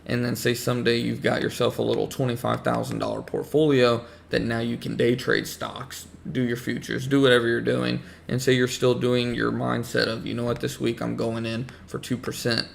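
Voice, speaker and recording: A man hosting a casual livestream, hoarse as he loses his voice, rambling and repeating himself while greeting chat viewers. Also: mid-range voice, completely flat delivery, normal speed, hardly any pauses, a little hiss or hum. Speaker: livestream host talking trading.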